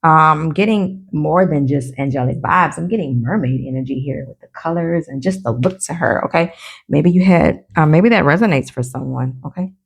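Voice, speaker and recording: A woman's voice: low voice, normal speed, creaky, breathy edge. A woman giving a casual tarot reading to her viewers. She is chatty and giddy, calls them y'all, laughs at herself and trips over her words. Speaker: tarot reader.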